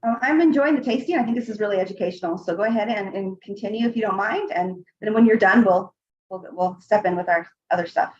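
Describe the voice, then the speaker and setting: A woman's voice: mid-range voice, quick pace. An enthusiastic woman co-host chats in a casual, encouraging way on a live stream. Her audio comes through a dull, lo-fi video call.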